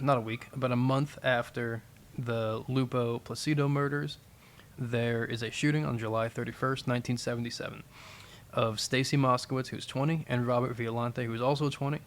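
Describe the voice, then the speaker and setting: Gravelly-voiced man telling a crime story. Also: medium pitch. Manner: reads documents aloud, with frequent laughs. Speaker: podcast co-host. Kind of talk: casual chat retelling a true crime case.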